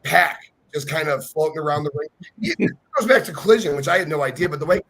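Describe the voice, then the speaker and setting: Man, husky, slightly high voice, passionate fan, swears a lot, casual podcast chat. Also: fast, fairly bright tone. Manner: profane, passionate, gushing fan. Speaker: wrestling podcast co-host.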